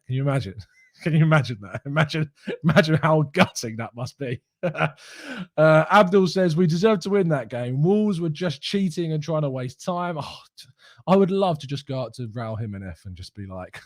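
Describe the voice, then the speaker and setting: A man's voice: medium pitch, dry recording, studio quality. A young man hosting a fan live stream, giddy and mocking, laughing often as he reads out chat messages. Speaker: fan channel host reading live chat.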